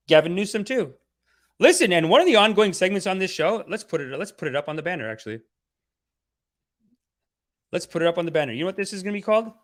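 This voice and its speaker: A man's voice: high voice, fairly bright tone. A young man hosting a livestream, chatting casually and rambling playfully while talking to his viewers. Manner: rambling, playful, talks to chat. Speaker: livestream host.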